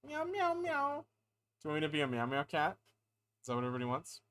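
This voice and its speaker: A man's voice: mid-range voice, steady tone, racing, fairly bright tone, clean tone. A tired man chatting casually on a live stream, rambling, playful and self-deprecating.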